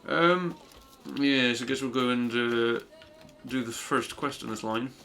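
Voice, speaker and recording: A man's voice: mid-range voice, unhurried, bright, forceful tone, a little hiss or hum. A young man streaming a game, rambling and self-deprecating in casual commentary.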